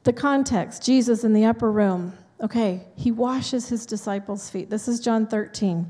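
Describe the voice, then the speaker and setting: Woman pastor, chatty sermon, highish mellow voice, church reverb. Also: moderate pace. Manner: conversational, chatty asides to the congregation. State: dry mouth from allergy medicine. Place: church sanctuary. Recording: long hall reverb in a church.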